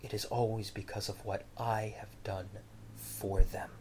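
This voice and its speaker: A preacher voicing a calm, kind man who speaks low, quiet and near-whispered. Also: unhurried, slight background noise, natural voice. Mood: tender. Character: calm, gentle male healer, kind and joyful. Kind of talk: storytelling sermon.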